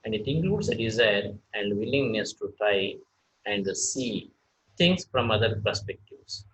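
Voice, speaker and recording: Halting man lecturing over slides. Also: lowish voice, lively intonation, fairly bright tone, slight background noise, rough recording. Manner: halting, many "uh" fillers and restarts.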